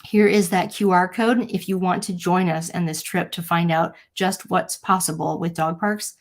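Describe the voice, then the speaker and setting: A woman with a slightly low voice hosts a live-streamed talk, speaking to her viewers in an earnest, personal way. She tells stories and acts out what people said with lively quoted voices. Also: moderate pace. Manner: earnest, storytelling, animated quotes. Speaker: host.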